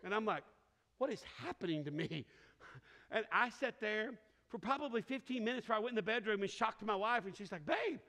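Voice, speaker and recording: Brief: middle-aged male pastor, high bright voice, joking storyteller, church hall reverb. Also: fast. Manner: storytelling with humor, laughs often. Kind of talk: sermon.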